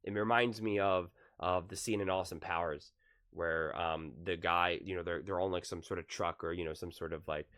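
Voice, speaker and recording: A man's voice: low voice, moderate pace. A man hosting a casual basketball opinion vlog, talking with analogies and acting out quotes. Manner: lively, with acted-out quotes and analogies. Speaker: basketball commentary host.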